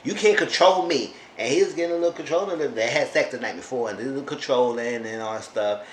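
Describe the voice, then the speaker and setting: A man chats through a reality show recap, animated and quick to talk back at the people on screen. His mid-pitched voice bounces around a roomy space, with a faint hiss underneath. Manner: animated, talks back to the characters. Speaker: YouTube reality-TV reviewer. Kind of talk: casual chat recap. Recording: roomy echo, faint background noise.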